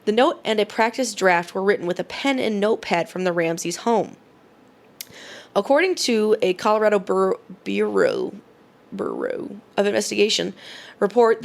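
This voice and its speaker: Woman podcast cohost, dry teasing delivery, gravelly edge. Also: mid-range voice. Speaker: podcast co-host. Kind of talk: casual chat, reading case notes.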